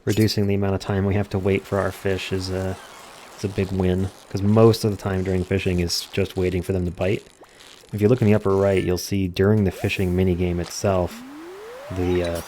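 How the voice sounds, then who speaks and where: A man giving casual let's-play commentary, calmly explaining game mechanics step by step. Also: sits low, moderate pace, a little hiss or hum. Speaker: gameplay commentator.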